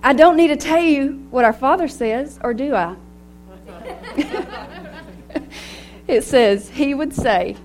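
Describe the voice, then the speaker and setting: A middle-aged woman speaking to a women's gathering in a personal, animated way, laughing often as she talks. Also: sits high, slow pace, long pauses, soft background music. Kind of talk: devotional talk to women.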